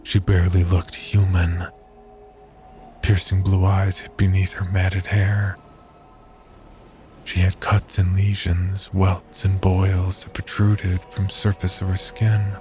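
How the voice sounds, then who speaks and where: A man narrating a horror story in a measured, scripted storytelling manner. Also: low voice, a little mellow.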